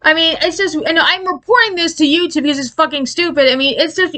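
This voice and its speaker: A woman giving an angry, profane commentary rant, exasperated and halting with many restarts. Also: very high-pitched, bright, forceful tone. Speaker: aviation commentary YouTuber.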